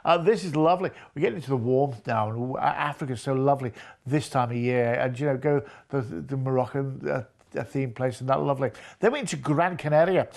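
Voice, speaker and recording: A man's voice: medium pitch, brisk, vocal fry, a little mellow. A man presenting cruise deals on a TV shopping channel, chatty and enthusiastic with folksy asides. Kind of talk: TV shopping sales pitch.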